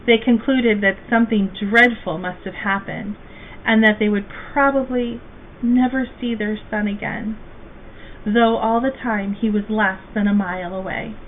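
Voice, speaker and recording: A woman reading a children's storybook aloud as a guest reader, slow, gentle and expressive. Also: mid-range voice. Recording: tinny phone-like, faint hiss.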